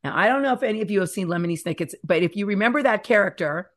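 A woman's voice: medium pitch, rapid-fire. A woman in her fifties, a guest author, speaking earnestly and animatedly about faith, fear and scripture. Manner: earnest, animated storyteller who stretches key words. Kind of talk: faith-centered interview talk.

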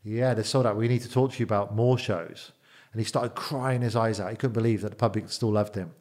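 A man's voice: lowish voice, fairly quick. Middle-aged man, chatty anecdote-teller, stumbles and restarts. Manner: animated, repeats words, quotes people in dialogue. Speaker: interview guest, former bodyguard. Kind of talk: casual storytelling.

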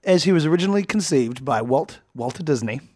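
A man with a slightly high voice riffs in a loose, comedic podcast conversation. He rambles, restarts and breaks into laughter often. The sound is dry and close, with no room around it. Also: expressive, fast talker, darkish tone, dry recording. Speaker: podcast co-host. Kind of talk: casual comedic chat.

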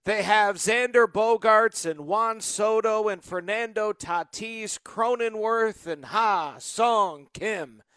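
A high-voiced man hosts a postgame sports radio show, excitable and animated as he breaks down the win. He talks in an unhurried, drawn-out way despite the excitement. The studio sound is close and dry. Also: clean tone, no echo. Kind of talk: postgame call-in show talk.

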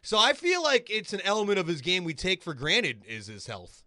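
Male radio producer, slightly higher voice, bright and forceful, dry studio mic. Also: huge pitch swings, normal speed, no echo. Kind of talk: sports talk radio chat.

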